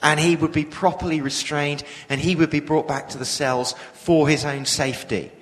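A man delivers a sermon as a lively storyteller, his voice pitched a little higher than most men's. He leans into vivid anecdotes and then sinks into a soft hush for the tender moments. The sound carries a long hall reverb. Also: moderate pace. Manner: storytelling, animated, drops to a hush for emotional moments. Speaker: preacher and police chaplain.

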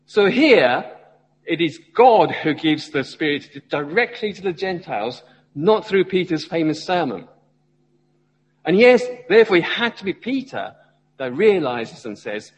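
A man's voice: fairly high pitch, big pitch swings, a little slow, big-room sound, slight background noise, poor audio. A man, a church member, preaching a sermon and asking his listeners questions as he goes. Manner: asks the congregation questions, rising and falling emphasis. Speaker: lay preacher.

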